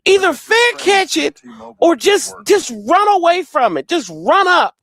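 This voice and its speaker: Give me an excitable, joking man hosting a live game reaction stream, very animated delivery. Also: very high-pitched, unhurried, faint music behind. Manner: excitable, rambling, joking, teases the players. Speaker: host of a watch-party stream.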